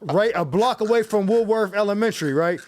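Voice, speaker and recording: A man from Pittsburgh, a comedian telling a story on a talk show in an animated, profane, slang-heavy way. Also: high-pitched, brisk. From Pittsburgh, USA. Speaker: comedian guest. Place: studio.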